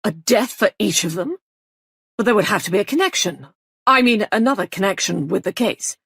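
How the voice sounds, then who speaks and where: A woman's voice: lowish voice, normal speed, no echo. A woman voicing a protective young husband who speaks in a brusque, indignant way.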